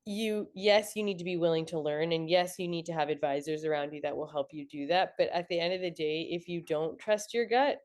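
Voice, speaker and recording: A young woman with a notably low voice speaks as a guest in a relaxed interview. She reflects on what she has learned and fills her sentences with "like.". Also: brisk, hardly any pauses. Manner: reflective, frequent "like" fillers. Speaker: entrepreneur guest. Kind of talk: casual podcast interview.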